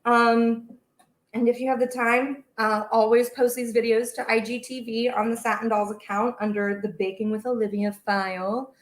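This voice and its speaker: A woman's voice: a little high, flat delivery, moderate pace, echoey room. Chatty woman hosting a baking livestream. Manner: chatty, rambling, reads out viewer comments. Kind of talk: casual live-stream chat while cooking. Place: home kitchen.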